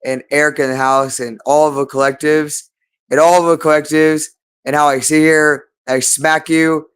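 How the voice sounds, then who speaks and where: A man's voice: on the high side, level tone, moderate pace, fairly bright tone, smooth. A man delivering an agitated, rambling monologue, repeating himself and swearing often. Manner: agitated, repetitive, profane.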